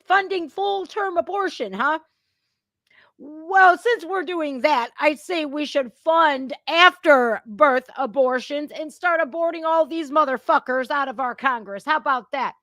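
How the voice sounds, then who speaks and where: A woman's voice: high-pitched, unhurried, pushed and bright, dry recording. A woman reacting to news clips in casual commentary, blunt and profane, ranting with heat.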